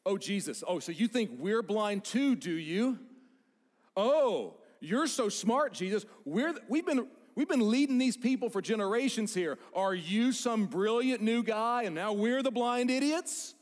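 Sarcastic, scornful religious leaders mock their rival in a high, sing-song sneer, as a male preacher puts them on. The pitch swoops and climbs with every taunt. A long reverb from a large hall trails each line. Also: lively intonation, a little slow.

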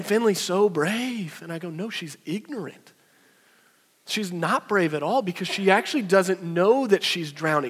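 High-voiced man preaching in a reverberant hall. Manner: conversational, swings from animated to soft and low. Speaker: pastor. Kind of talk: sermon.

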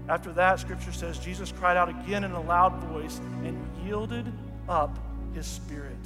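A high-pitched man preaching from a church, dramatic and earnest as he retells scripture, often sinking to a hush. His voice rings through a long hall reverb, with soft music playing beneath. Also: normal speed. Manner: dramatic, earnest storytelling with soft drops in volume. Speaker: pastor. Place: church sanctuary. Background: faint music.

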